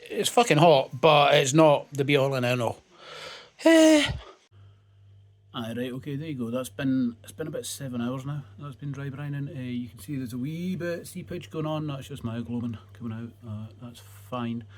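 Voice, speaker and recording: A man's voice: mid-range voice, a little fast, few pauses, a little hiss or hum. A Scottish man narrating his home cooking in a laid-back, casual way, with frequent fillers and swearing. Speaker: home cook and channel host.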